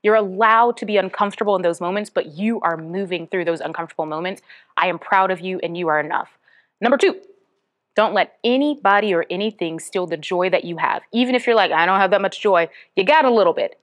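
Earnest encouraging woman podcast host. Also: mid-range voice. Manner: earnest and encouraging, bursts into bubbly excitement. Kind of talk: motivational podcast monologue. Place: Smyrna, Georgia area.

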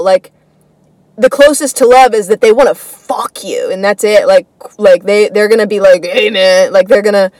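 A woman's voice: medium pitch, a little mellow, dry recording, rough recording. A woman hosting a comedy podcast, telling a casual story in a rambling way full of fillers and swearing. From United States.

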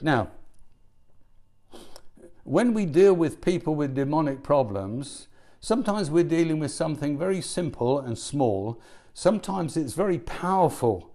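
A male preacher delivering a sermon in a fairly high, very lively voice. He fires off rhetorical questions and swings up into emphatic, driving passages before dropping back down. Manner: animated, rhetorical questions, rising to emphatic peaks.

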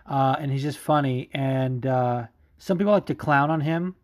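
Guy rambling excitedly, swears constantly, lots of um and like, restarts his sentences. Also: mid-range voice, normal speed. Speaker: podcaster talking about mixed martial arts fighters. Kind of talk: casual monologue.

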